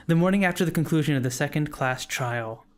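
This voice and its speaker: A man's voice: on the high side, fairly quick. A young man streaming a casual game playthrough, chatting in a rambling way and reading the story aloud. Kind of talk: casual game commentary and narration. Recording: faint background music.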